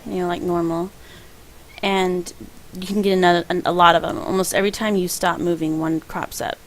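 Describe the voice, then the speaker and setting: A woman's voice: lowish voice, level tone, brisk, soft background music, rough recording. A woman casually commenting on her video game playthrough in a chatty, rambling way, often laughing at her own jokes. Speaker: let's play host.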